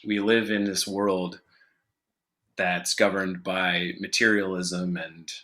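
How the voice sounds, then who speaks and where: Low-voiced, bright American man rambling. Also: little pitch movement, slow pace. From United States. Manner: rambling, many fillers and restarts. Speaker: musician guest. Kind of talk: casual interview answers.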